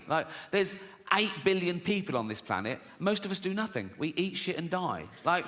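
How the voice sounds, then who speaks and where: A man's voice: on the high side, fairly bright tone. A middle-aged English man doing stand-up comedy, sardonic and swearing freely, putting on other people's voices as he tells his stories. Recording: faint background noise, live audience laughs.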